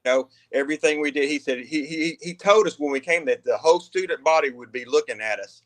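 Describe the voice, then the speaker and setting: A man's voice: a little high, quick pace. A man in his sixties, a guest hesitantly and earnestly recalling an old story. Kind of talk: casual storytelling.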